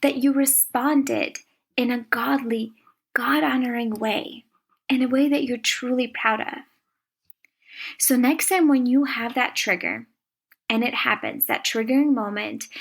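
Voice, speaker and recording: A young woman coaching her listeners on a podcast, speaking in a chatty, encouraging manner. Her voice sits a little higher than usual. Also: husky. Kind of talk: podcast monologue.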